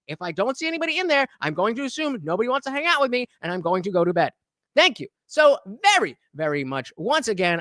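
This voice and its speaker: A man's voice: very high voice, sharp tone, no echo, studio quality. A man hosting a live stream, talking casually and sarcastically, swearing and mocking others with exaggerated voices. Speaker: livestream host.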